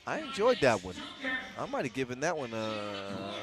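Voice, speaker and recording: A man giving energetic live commentary at a basketball event, casual and full of slang. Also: medium pitch, normal speed, over loud music.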